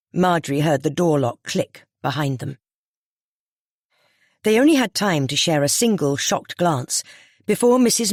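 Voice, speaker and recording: Steady audiobook narrator, dry close sound. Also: medium pitch, no room sound. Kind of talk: scripted narration of a cozy mystery audiobook.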